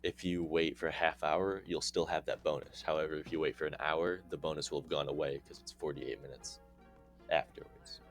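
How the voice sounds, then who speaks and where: Young man, very deep voice, casual game guide voice-over, relaxed, chatty, dry sarcasm. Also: fairly quick, gravelly, soft background music. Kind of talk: casual gameplay tutorial voice-over.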